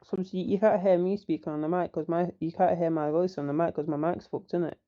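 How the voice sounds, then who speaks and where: This online roleplay gamer, a young man from northern England, talks fast in a high, warm, steady voice as he tells a heated story full of swearing during casual chat. There's no room sound, but his faulty mic muffles him.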